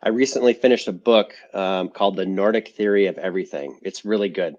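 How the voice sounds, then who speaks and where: A man's voice: deep voice, brisk, a little mellow, muffled recording. A man chatting casually on a podcast, speaking hesitantly with many fillers.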